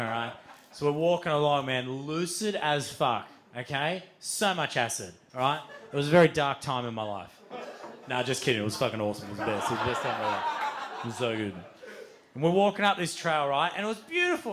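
A slightly high-voiced man tells a wild story on a live stage, cursing constantly. He acts out the people in it, jumping to loud yelled lines, and a faint room hum sits behind him. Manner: swears a lot, acts out voices with shouted outbursts. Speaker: stand-up storyteller. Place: live stage before an audience.

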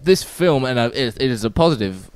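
A man's voice: mid-range voice, lively intonation, brisk, smooth, no room sound. A man co-hosting a casual film review podcast, retelling scenes in a loose, swearing, offhand way.

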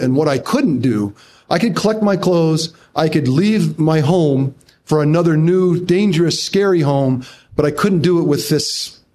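A middle-aged man, speaking as an interview guest, emotionally recounts a personal story with many restarts. His voice is on the high side and darkish, jumping up as he relives tense moments.

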